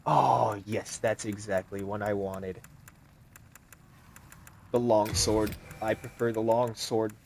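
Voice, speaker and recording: A young man giving casual, animated commentary over a video game, joking and talking back to the characters on screen. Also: fairly low pitch, takes it slowly, vocal fry, pauses often, slight background noise. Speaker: gaming YouTuber.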